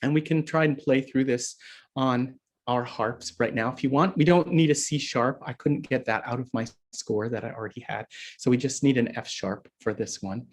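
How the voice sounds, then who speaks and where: A man teaching a harp lesson over a video call, chatty and laughing often as he explains. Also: medium pitch. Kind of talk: online workshop lesson.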